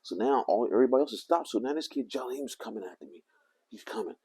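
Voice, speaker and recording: A man vlogging, telling a rambling personal story in an animated way, swinging from loud to hushed. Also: mid-range voice, fast talker, husky.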